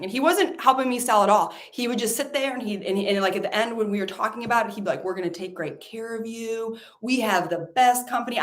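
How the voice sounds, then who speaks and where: A woman's voice: mid-range voice, fairly bright tone. A woman business coach giving a motivational talk, emphatic and blunt, with frequent fillers and swearing. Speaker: business coach and podcast host.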